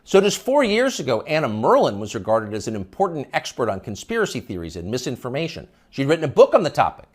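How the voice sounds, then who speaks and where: A man's voice: medium pitch, wildly swooping pitch, fast, few pauses. A middle-aged male commentator delivering a sarcastic, emphatic opinion monologue.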